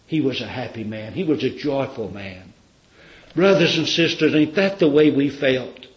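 A man's voice: mid-range voice, normal speed, roomy sound, highs cut off. A man preaching a sermon, telling a story fervently with many rhetorical questions.

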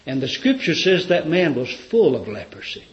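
A man's voice: a little high, big pitch swings, moderate pace. Male preacher, fervent storyteller; roomy, lo-fi sermon recording. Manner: fervent storytelling, rhetorical questions.

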